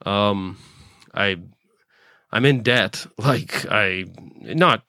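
A man's voice: lowish voice, extremely slow, bright, forceful tone, dry recording, clean studio sound. A man in his late forties, a comedian hosting his own podcast, rambling through a casual solo monologue, swearing freely and restarting his sentences. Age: 40s. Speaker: podcast host, stand-up comedian.

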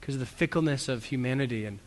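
A man with a mid-range voice talks fast as he preaches a sermon in a church hall, the long reverb filling the recording. He's a pastor, earnest and conversational, slipping in self-deprecating asides.

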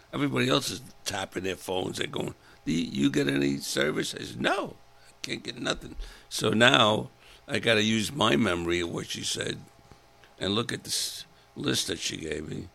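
An older man, a comedian telling crude, animated stories in a casual monologue and acting out the people in them. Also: sits low, vocal fry. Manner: animated storytelling, acts out other voices, blunt and crude. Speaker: comedian host.

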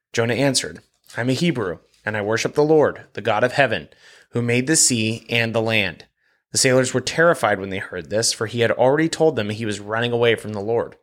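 A man reading a Bible passage aloud at a steady pace, lifting his voice a little for quoted speech. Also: medium pitch, fairly quick. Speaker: Bible reader. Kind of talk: scripture reading.

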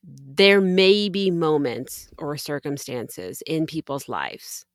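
A woman's voice: low voice, very animated, slow, no room sound, studio quality. A woman co-hosting a faith podcast, talking in an earnest, preachy, rallying way. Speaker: podcast co-host.

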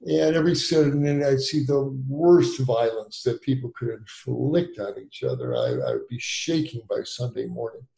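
A man in his sixties, a doctor, tells long stories in an interview and keeps restarting his sentences. His voice is warm and mellow. The sound is roomy and echoey. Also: mid-range voice, expressive, normal speed, creaky, few pauses. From United States. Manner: rambling with many restarts and fillers. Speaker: physician guest. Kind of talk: conversational interview storytelling. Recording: echoey room.

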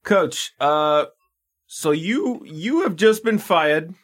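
A man's voice: a little high, lively intonation, takes it slowly, fairly bright tone, exaggerated voice. Man doing a pushy TV reporter. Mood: badgering. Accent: mock Chicago accent. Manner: insistent, badgering. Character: pushy male TV sports reporter. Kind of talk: improvised comedy sketch.

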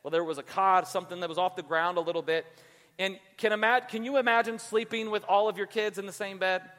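High-voiced pastor preaching in a hall. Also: male voice, quick pace. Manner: animated preacher, acts out quoted voices. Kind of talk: sermon.

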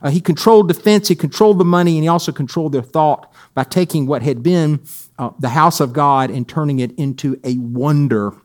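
A man preaching a sermon in a slightly high voice. He talks to the congregation in a relaxed, conversational way, slips in dry jokes, and repeats key phrases for emphasis. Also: fairly quick. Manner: conversational preaching with wry humorous asides. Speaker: pastor.

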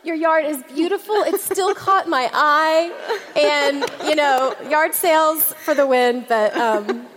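Woman, mother on a church panel, self-mocking storyteller, slightly high voice, echoey hall. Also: slow, slight background noise. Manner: animated, self-mocking anecdote teller. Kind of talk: storytelling on a stage.

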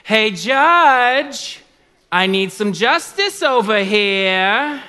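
A man acting out a desperate, persistent widow who loudly demands justice. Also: sits high, expressive, extremely slow, smooth, voice pushed up, heavily acted. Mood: demanding. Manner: shouting insistent demands. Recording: long reverb of a large hall.

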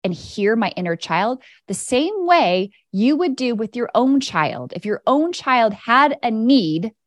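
A woman's voice: on the high side, sing-song, unhurried, no echo. A woman hosting a spiritual coaching podcast, talking listeners through inner-child work in a soothing, direct, casual way. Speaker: podcast host and energy coach. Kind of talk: guided spiritual coaching talk.

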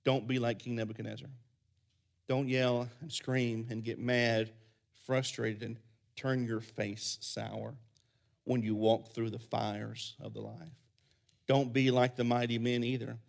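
A man preaching a sermon, acting out the people in the story with loud bursts and then dropping to soft, quiet endings. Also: medium pitch, little pitch movement, unhurried, creaky. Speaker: pastor.

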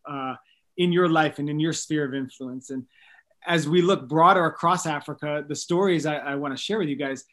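A man in his thirties, a missionary guest on a podcast, telling stories in an earnest, animated way with light jokes. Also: fairly high pitch, normal speed. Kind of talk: storytelling in a podcast interview.

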